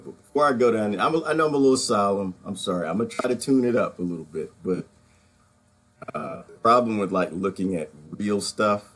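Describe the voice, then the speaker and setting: A man hosting a live online show, talking in a halting, emotional monologue with many restarts, near tears. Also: fairly low pitch, husky.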